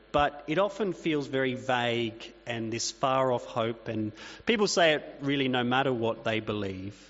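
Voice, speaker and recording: A man preaching a sermon in a relaxed, conversational manner, talking to his congregation as if in a chat. His voice rings with a long hall reverb, and the recording is dull and muffled, with a faint mains hum underneath. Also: medium pitch. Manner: conversational, plain-spoken preaching with asides. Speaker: pastor.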